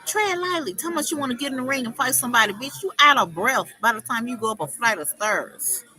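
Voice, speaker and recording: A woman hosting her own livestream, talking off the cuff in a confrontational, foul-mouthed scolding rant. Her voice is bright and sharp, sitting somewhat high. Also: quick pace, low-quality recording. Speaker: livestream host.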